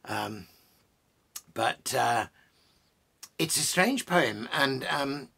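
A man's voice: medium pitch, expressive, very slow, vocal fry, bright, forceful tone, slightly rough. A man hosting a casual, rambling talk about poetry at home among his bookshelves, with many fillers and restarts. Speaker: poet and host.

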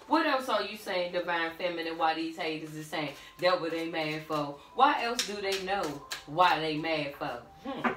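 A woman's voice: lowish voice, normal speed, hardly any pauses, sharp tone, recorded from a distance, a little hiss or hum. A woman doing a casual tarot reading, sassy and blunt, calling the listener honey and baby girl. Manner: sassy, blunt, calls listener pet names. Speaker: tarot reader. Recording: roomy echo, off-mic.

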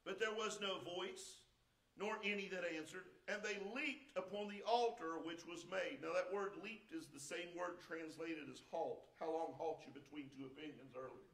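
Male pastor, very high pitch, preaching in a roomy sanctuary, rises to shouts. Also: normal speed. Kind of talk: sermon. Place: church sanctuary. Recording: echoey church sanctuary.

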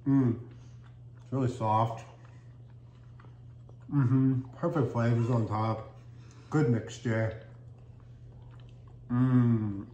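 A man hosting a casual tasting video, upbeat and chatty, often talking with a mouthful. His voice sits at an ordinary middle pitch. It bounces around an echoey room with a faint hum of background noise. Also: fairly even intonation, very slow, pauses often, dark tone. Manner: upbeat, chatty, talks while chewing. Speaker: cookie reviewer, channel host.

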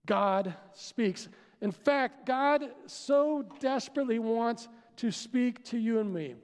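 A man preaching a sermon as pastor, animated and putting questions to his listeners. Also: extremely high pitch, slow, smooth. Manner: animated, asks the crowd questions. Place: church sanctuary. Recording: long hall reverb.

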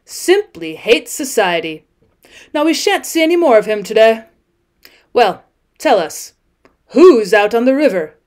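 A woman's voice: on the high side, very animated, measured pace, long pauses, a little mellow. A woman doing a hearty, cheery water rat.

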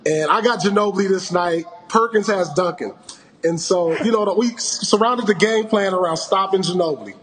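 A former basketball player recounting a game with emphatic, laughing delivery. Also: male voice, high voice, normal speed, fairly bright tone. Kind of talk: casual storytelling.

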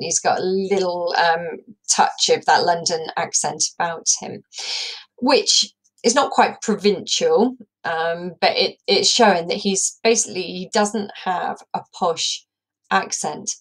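A woman with a fairly low speaking voice teaches a recorded English lesson. She explains the characters patiently and works her ideas out aloud for her students. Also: low-quality recording.

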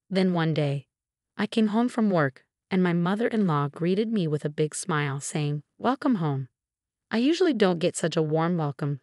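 Narrator: young woman, low voice, dry close sound, steady scripted story reading. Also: dry recording. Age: 20s.

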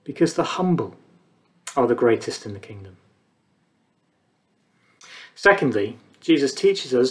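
A man preaching a sermon, earnest, pausing between phrases and dropping low on key words. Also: big pitch swings.

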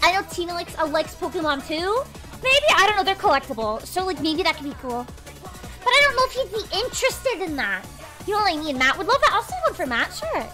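Young woman streamer, very high, bright and lively voice, rambling chat, faint music behind. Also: a little fast. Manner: bubbly, rambling, heavy "like" and "freaking". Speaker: livestream host. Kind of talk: casual livestream chat. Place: indoors at home desk.

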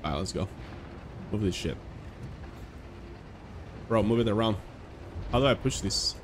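A man's voice: on the low side, lively intonation, unhurried, noisy background. A young man streaming a video game live, chatting casually with viewers and reacting aloud to the game. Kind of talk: casual live gameplay chat.

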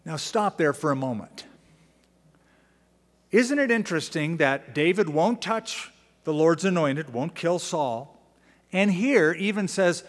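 A male pastor teaching a sermon, moving between lively storytelling, casual asides and dramatic readings of scripture. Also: fairly high pitch, slow pace, pauses often. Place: large church sanctuary. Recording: long church-hall reverb.

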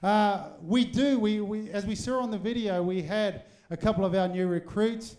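A man's voice: high-pitched, moderate pace, a little mellow. A man hosting a live supporters' evening in a packed hotel function room, speaking into a handheld microphone with jokey, rousing asides to the audience. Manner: jokey, rousing crowd address with teasing asides. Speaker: event host. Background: faint crowd of supporters.

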